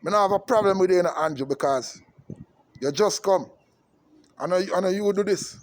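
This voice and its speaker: A man's voice: sits high, fairly quick. A Jamaican man giving an impassioned political rant to camera, emphatic and repetitive, often checking in with his listener. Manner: emphatic and repetitive, with frequent tag questions. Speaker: vlogger.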